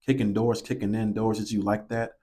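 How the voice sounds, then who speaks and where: A man narrating a scripted video essay with a measured, analytical delivery. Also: on the low side, flat delivery, dark tone, husky.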